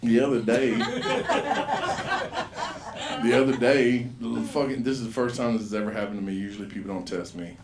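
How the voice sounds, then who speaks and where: A man, performing a rambling, profane stand-up set and loudly acting out the people in his stories. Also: lowish voice, steady tone, quick pace, echoey room, noisy background. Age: 50s. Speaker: stand-up comedian. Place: comedy club stage.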